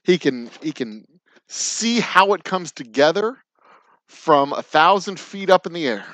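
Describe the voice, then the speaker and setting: A man's voice: a little high, expressive, a little slow, a bit bright. A man with a Texan accent chatting casually and profanely while bottling whiskey on a distillery floor, joking and counting cases aloud. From Texas. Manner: rambling, joking, profane, counts aloud under his breath. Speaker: distiller and livestream host. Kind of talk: casual rambling chat while working.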